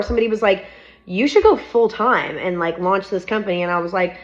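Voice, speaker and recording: A woman's voice: mid-range voice, moderate pace, fairly bright tone. A young woman speaks frankly and upbeat, in a casual storytime to camera. Her voice sits in a middle range, and the audio is a little dull and muffled. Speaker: startup founder.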